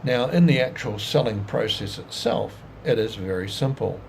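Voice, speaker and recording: A man's voice: lowish voice, lively intonation, normal speed, creaky, darkish tone, a little hiss or hum. A man with an Australian accent telling his life story in a rambling, folksy monologue full of plain sales advice. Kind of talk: casual monologue to camera.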